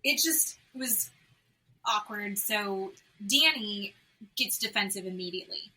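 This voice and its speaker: A woman with a medium-pitched voice speaks at a measured pace, and the recording quality is low. As a podcast co-host recapping reality TV, she's blunt and profane, acting out others' words in an animated way.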